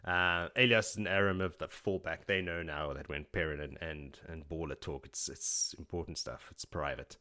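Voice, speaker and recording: A man hosting a podcast, recapping a book in casual chat, laughing often and acting out characters' lines as quick paraphrased quotes. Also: a bass voice, steady tone, pushed and bright. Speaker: podcast host.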